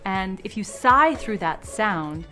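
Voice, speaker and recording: A woman coach explains pronunciation in a measured, analytical way. She speaks at a middle pitch, and loud music runs under the clip. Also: animated. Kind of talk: instructional explanation.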